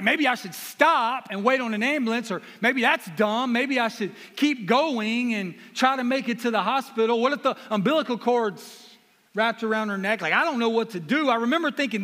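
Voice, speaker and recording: A man's voice: very high-pitched, fairly bright tone. A man, preaching as a guest with self-deprecating humor and earnest personal stories. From South Carolina. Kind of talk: sermon with personal storytelling. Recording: long reverb of a hall.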